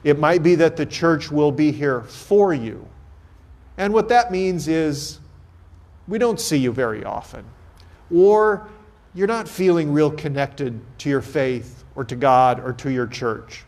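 A man's voice: fairly high pitch, expressive, a little slow, a little mellow. A man, a priest, giving a homily at a confirmation Mass and telling stories in an earnest, conversational way.

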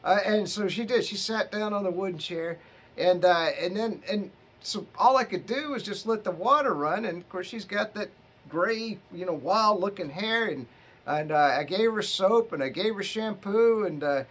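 High-voiced tipsy man rambling. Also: moderate pace, a bit bright. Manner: profane, rambling storyteller. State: tipsy from drinking. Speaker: vlogger. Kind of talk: rambling casual monologue.

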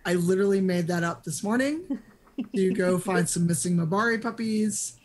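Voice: medium pitch, moderate pace, darkish tone. A game master casually narrating a tabletop game scene and chatting lightly with players.

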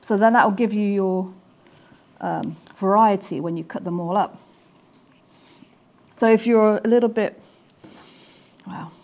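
A woman's voice: mid-range voice, a little slow, pauses often, a little mellow. Woman as a craft-show demonstrator, casual and chatty, talking through her sewing. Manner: chatty, self-deprecating, explains while sewing. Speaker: quilting demonstrator.

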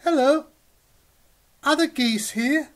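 A man voicing a small, eager baby gosling who politely calls out questions in a high, bright, loud voice. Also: slow pace. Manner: calling out cheerful questions.

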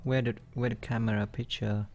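A man casually commenting on his gameplay, hesitant and muttering, with many ums and pauses. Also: mid-range voice, level tone, a little mellow, faint music behind.

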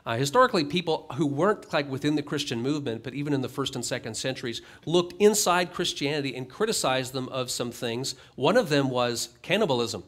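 A man's voice: medium pitch, expressive, a little fast, few pauses. A middle-aged man preaching a sermon as a pastor, reading scripture aloud and then explaining it conversationally with light humor.

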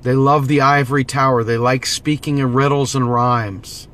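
A man's voice: medium pitch, steady tone, normal speed, a bit bright. A man giving an impassioned direct-to-camera monologue, preachy and urgent, repeating slogans as he rallies his viewers. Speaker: political vlogger.

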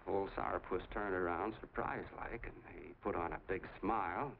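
Folksy, rambling soda jerk, lowish voice, tinny old-movie sound. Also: male voice, moderate pace, gravelly. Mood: eager. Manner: chatty, rambling storyteller. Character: folksy small-town male soda jerk, friendly. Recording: tinny 1940s film soundtrack, faint hiss.

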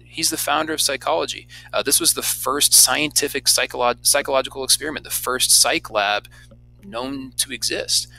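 Male teacher, recorded lecture, very bright voice, chatty and lively, faint music behind. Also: mid-range voice, gravelly, low-quality recording. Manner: lively, conversational, asks rhetorical questions.

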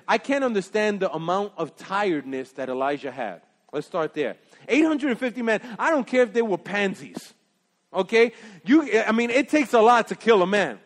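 High-voiced, animated male preacher. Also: normal speed. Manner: animated, emphatic, swings from loud to hushed. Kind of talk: sermon. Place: church sanctuary. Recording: long hall reverb.

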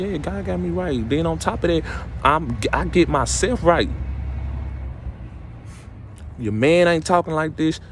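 A man's voice: a little high, a little hiss or hum. A young man, giving casual motivational relationship advice to camera in a preachy, repetitive way that climbs to emphatic peaks. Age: young adult.

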